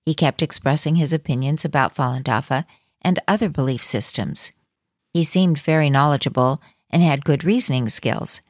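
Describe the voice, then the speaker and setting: A woman reading a first-person account aloud as scripted narration, in a calm, measured way. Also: sits low, no echo, clean studio sound.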